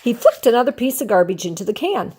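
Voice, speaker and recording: A woman's voice: fairly high pitch, fast talker, husky. Older woman reading a bedtime storybook. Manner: gentle, expressive read-aloud delivery. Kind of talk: reading a picture book aloud.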